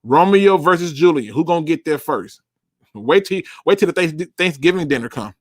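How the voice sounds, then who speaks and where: Blunt, emphatic man with a fairly high voice. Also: expressive, normal speed, dry recording, clean studio sound. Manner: blunt and emphatic, with frequent cursing and repeated words for emphasis. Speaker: podcast host answering live chat. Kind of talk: casual live sports talk.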